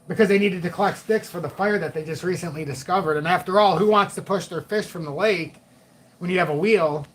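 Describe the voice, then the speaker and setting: A man's voice: sits high, brisk. A middle-aged man hosting a live chat stream, joking, laughing often and swearing casually. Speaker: livestream host.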